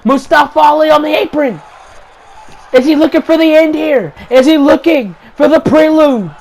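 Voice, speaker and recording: A man calling play-by-play wrestling commentary over gameplay, excitable, shouting the big moves and repeating each call. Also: very high-pitched, unhurried, rough recording. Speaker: YouTube gaming channel host.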